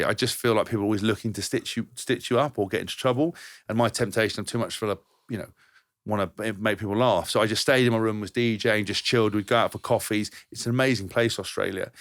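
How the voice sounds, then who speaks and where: A man's voice: lowish voice, dry recording, studio quality. A man, a podcast co-host who rambles through anecdotes, swears freely and often restarts his sentences. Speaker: podcast co-host, former rugby player. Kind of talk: casual storytelling chat.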